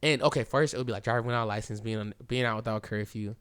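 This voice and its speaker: A young man hosting a podcast, telling a story in a casual, animated way and filling it with "bro" and "like.". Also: lowish voice, racing, clear, resonant tone. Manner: animated, keeps saying "bro" and "like"; acts out quoted lines, drops to a hushed voice at times. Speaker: podcast host.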